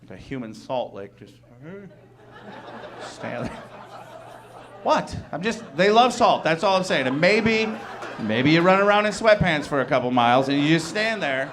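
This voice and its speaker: A man's voice: on the high side, sing-song, moderate pace, a bit bright. A man from Wisconsin doing a stand-up comedy set on a club stage, rambling and chuckling at his own jokes as he slips into mock voices.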